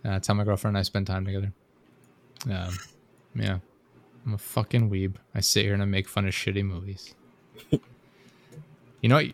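A man's voice: deep voice, little pitch movement, moderate pace, long pauses. A man hosting a casual podcast chat, telling stories with many restarts and laughs. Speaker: podcast host.

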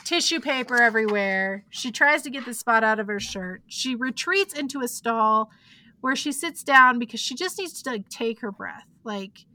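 A woman's voice: fairly high pitch, expressive, moderate pace, pushed and bright. A woman hosting a podcast, retelling a story in a chatty casual way, full of likes and asides. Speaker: podcast host.

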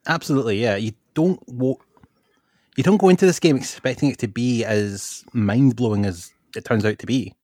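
A man's voice: mid-range voice, normal speed, darkish tone, no echo, clean studio sound. A Scottish man from Scotland, a guest on a gaming podcast, talking in an easygoing, rambling way. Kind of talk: casual podcast chat.

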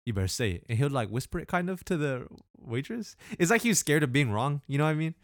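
Animated slangy man telling stories. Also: a little high, quick pace, no echo, studio quality. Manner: animated storyteller, laughs often, slangy. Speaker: podcast co-host. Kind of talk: casual chat.

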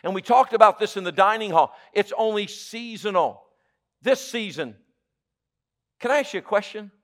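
Man, pastor, preaching a sermon, high voice, hushed then loud, storytelling. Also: lively intonation, normal speed.

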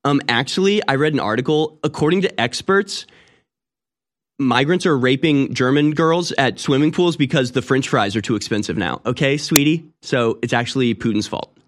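A man putting on a high, sneering voice to play a smug, condescending know-it-all. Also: moderate pace, natural voice. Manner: sneering, patronizing sing-song.

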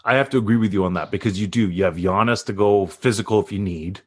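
A man in a casual sports chat, animated, laughing often and pausing with "uh" while he searches for names. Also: lowish voice, slightly rough.

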